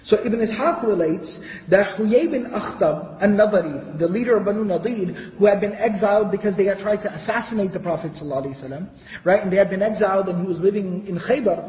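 A high-voiced man with a darkish tone talks fast through a storytelling lecture, retelling history as an Islamic lecturer. He quotes passages in Arabic and then translates them, and the hall around him echoes.

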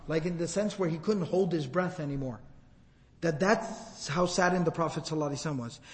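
A man giving a religious lecture, telling a story and quoting Arabic texts before translating them. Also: sits high. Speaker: Islamic lecturer. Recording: long hall reverb.

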